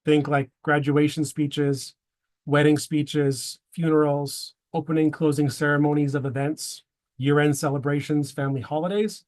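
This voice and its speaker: A man's voice: on the high side, little pitch movement, moderate pace, darkish tone. A man giving a prepared presentation to a men's group, slipping wry dad jokes between his tips.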